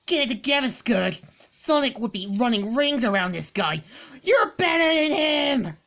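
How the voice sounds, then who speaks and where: A woman voicing a brash, hot-headed young female fighter, reading comic dialogue in a cocky, loud manner. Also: on the high side, animated, takes it slowly, voice pushed up, exaggerated voice. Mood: fired up.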